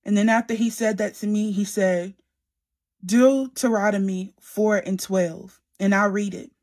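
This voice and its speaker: A woman giving a personal religious testimony, earnest and emphatic, often soft and subdued, and repeating key phrases for weight. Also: mid-range voice, fairly even intonation, a little slow. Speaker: believer sharing a prophetic message.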